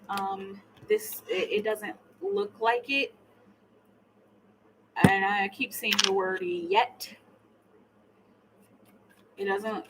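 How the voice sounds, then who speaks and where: A woman's voice: medium pitch, noisy background. Chatty woman reading tarot cards. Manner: chatty, laughing, murmurs questions to the cards. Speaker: tarot reader.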